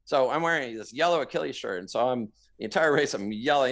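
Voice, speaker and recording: A middle-aged man from Canada, a guest in an interview, telling stories animatedly and bursting into loud quoted lines. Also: medium pitch, fast. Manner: animated storyteller who shouts out quoted lines. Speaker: guest, marathon runner. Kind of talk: storytelling in a podcast interview.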